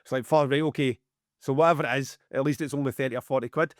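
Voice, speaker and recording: A man's voice: mid-range voice, quick pace, no echo, studio quality. A middle-aged Scottish man telling a story on a podcast, swearing freely and acting out both sides of the dialogue. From Scotland. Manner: animated, heavy swearing, acts out dialogue. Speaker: podcast co-host, music promoter. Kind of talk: casual storytelling chat.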